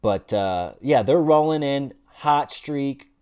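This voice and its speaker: A man hosting a casual sports commentary vlog, animated and joking with lots of swearing. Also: medium pitch, takes it slowly, clean tone. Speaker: host.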